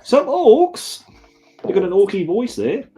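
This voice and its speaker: A man's voice: high-pitched, sing-song, measured pace, background noise. A man with an Australian accent hosting a casual chat, jokey and laughing often. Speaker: podcast host.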